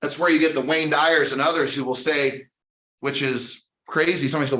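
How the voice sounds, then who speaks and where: A man's voice: fairly high pitch, fairly even intonation, a little fast, sharp tone, reverberant, low-quality recording. A man leading a sales training session, speaking in an earnest, emphatic way with preacher-like repetition. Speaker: real estate sales trainer. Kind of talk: motivational training talk.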